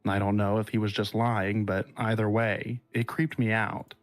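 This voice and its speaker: A man hosting a podcast who reads a listener's horror story aloud at a measured, unhurried pace and then chats casually with guests. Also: lowish voice, level tone, faint music behind. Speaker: podcast host.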